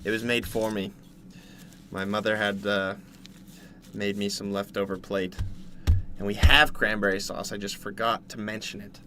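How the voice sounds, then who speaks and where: A man from Canada, streaming casually from home while eating, jumping from loud yelps to low mumbles. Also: moderate pace, long pauses, over music. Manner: excitable, jumps to loud yelps then mumbles. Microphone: desk mic, no headset.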